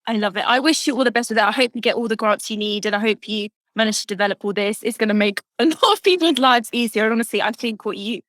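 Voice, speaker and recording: A woman's voice: a little high, fast talker, hardly any pauses, fairly bright tone, no echo. A woman hosting an interview, enthusiastic and emphatic as she speaks with her guest. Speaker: interview host. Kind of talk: casual interview talk.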